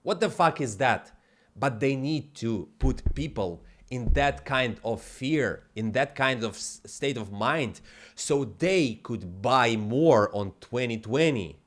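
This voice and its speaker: A man's voice: medium pitch, takes it slowly. A man hosting a live stream, ranting off the cuff in an emphatic, profane way with non-native grammar. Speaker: livestream host. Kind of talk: heated off-the-cuff rant.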